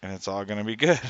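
A man's voice: mid-range voice, sharp tone, dry recording, highs cut off. A man co-hosting a live stream, chatting casually in a rambling, profane, jokey way. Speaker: streamer, co-host. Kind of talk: casual chat.

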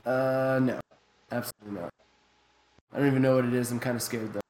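A man's voice: mid-range voice, steady tone, quick pace, a little mellow, slight background noise, rough recording. A man co-hosting a stream over an online call, chatting casually, laughing often and swearing while joking around. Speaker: streamer, co-host. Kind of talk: casual chat. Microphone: online call mic with audio glitches.

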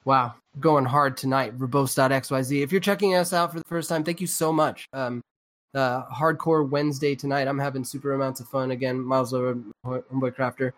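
A man's voice: mid-range voice, steady tone, fairly quick, a bit bright. A man hosting a live podcast in casual chat, rambling with lots of fillers and restarts and swearing freely. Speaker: podcast host.

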